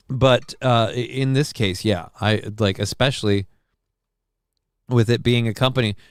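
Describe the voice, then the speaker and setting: A man hosting a live call-in stream, reading out chat comments with dry deadpan humor, rambling and swearing casually. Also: medium pitch, smooth, dry recording. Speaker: livestream host reading chat.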